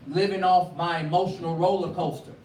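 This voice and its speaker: A man preaching a sermon with call-and-response, rising from quiet talk to loud cries. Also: high voice, steady tone, brisk. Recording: echoey room, from far off, faint noise.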